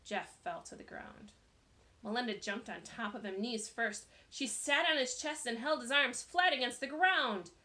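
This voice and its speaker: A woman reading a children's novel aloud in a lively, expressive way. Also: fairly high pitch, normal speed. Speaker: narrator.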